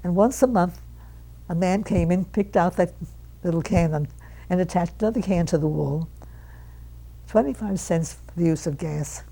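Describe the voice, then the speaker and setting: Interviewee, woman aged 100. Lively storyteller who performs her family's lines. Low, husky, creaky, mellow tone. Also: normal speed, pauses often, rough recording. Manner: animated storyteller who acts out quoted relatives. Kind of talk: reminiscing storytelling.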